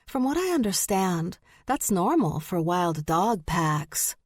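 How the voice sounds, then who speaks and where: A woman's voice: on the low side, sing-song, takes it slowly, no room sound, clean studio sound, exaggerated voice. A woman narrator voicing a wry, matter-of-fact young woman in an audiobook.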